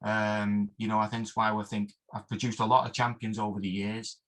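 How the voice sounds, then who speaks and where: A man's voice: fairly low pitch, level tone, a little fast, fairly bright tone. A man, a martial arts instructor, rambling through interview anecdotes with plenty of fillers and mild oaths. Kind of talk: interview storytelling.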